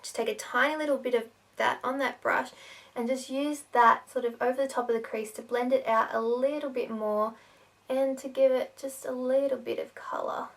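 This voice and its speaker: A woman's voice: high-pitched, steady tone, moderate pace, recorded from a distance. A woman giving a casual makeup tutorial, talking in a chatty way with lots of fillers.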